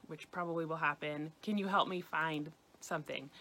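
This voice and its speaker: A woman's voice: sits low, normal speed, a bit bright. A woman giving a casual French lesson, chatting and repeating phrases for listeners to practice. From United States. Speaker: French language teacher.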